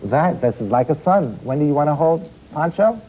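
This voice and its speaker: Mellow man explaining animals to kids. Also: a little high, animated, moderate pace, slight background noise, poor audio. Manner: explanatory, addresses children directly with questions. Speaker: pet expert guest. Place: TV studio with children.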